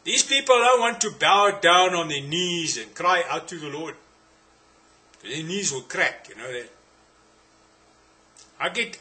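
A South African man preaching a sermon in a fairly high voice. His delivery is emphatic and insistent, circling back on his points and throwing rhetorical questions at his listeners. The tone stays bright and forceful throughout. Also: animated, measured pace, pauses often.

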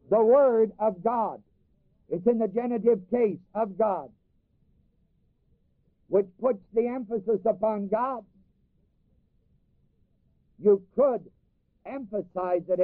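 Male preacher, high voice, scripture reading, repeats for emphasis, dry phone-like sound. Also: dry recording. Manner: reads scripture in old King James wording, then explains it to the congregation; repeats phrases for emphasis and asks the audience to finish lines. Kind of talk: sermon.

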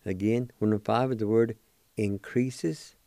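A man hosting a radio language lesson, spelling out words letter by letter and repeating each one slowly for listeners to practice. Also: on the low side, steady tone, warm tone, no echo. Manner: slow, careful spelling out of letters and syllables; repeats each word several times for practice.

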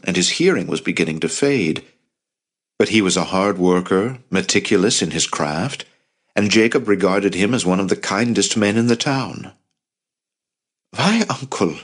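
A man narrating an audiobook in a steady, measured reading voice. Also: low voice. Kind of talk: scripted narration.

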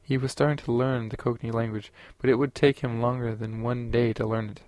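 A man narrating a science fiction audiobook in a steady, unhurried way. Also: medium pitch, no echo.

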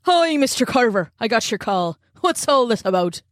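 A woman's voice: a little high, big pitch swings, normal speed, no room sound, clean studio sound. A woman voicing a stout, jovial village constable with folksy country speech. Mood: calm.

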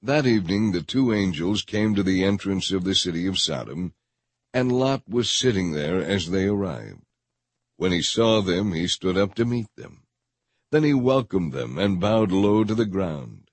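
A man reading scripture aloud in a measured, steady narration. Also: low-pitched, no room sound. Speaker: scripture reader. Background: faint music.

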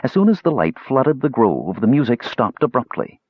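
Low male narrator, husky tone with wide lively pitch, dull lo-fi dry sound. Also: moderate pace, no room sound. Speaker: audiobook narrator. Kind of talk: storybook narration.

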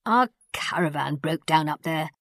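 A woman's voice: low voice, lively intonation, unhurried, no echo, studio quality. A woman reading the part of a genial, courtly elderly man in a storybook reading. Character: elderly male traveller, genial grandfather.

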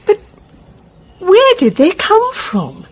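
A fluttery, gushing spinster. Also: female voice, extremely high pitch, wildly swooping pitch, slow pace, dull audio, exaggerated voice. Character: gushing, genteel spinster, middle-aged. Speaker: visiting spinster neighbour. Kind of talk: period TV comedy-drama acting.

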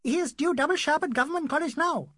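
A man voicing a spiteful male troublemaker who speaks in a slow, pointed, needling way. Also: very high-pitched, sharp tone, no room sound, studio quality, pitched above the performer's own voice.

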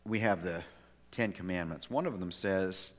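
A man's voice: deep voice, normal speed. Man preaching a sermon in a church. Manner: animated storytelling with frequent restarts. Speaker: pastor. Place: church sanctuary. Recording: long hall reverb.

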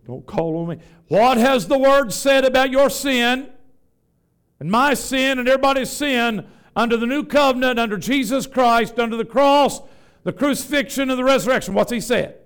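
A man's voice: very high-pitched, normal speed, a bit bright, clear, resonant tone. A man, a Pentecostal bishop, preaching a sermon to a congregation in a church, with a rhythmic, folksy style and questions thrown to the crowd.

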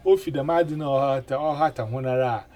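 A man hosting a casual radio chat, animated and full of 'eh' fillers and repeated words. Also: medium pitch, fast. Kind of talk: casual chat in mixed languages.

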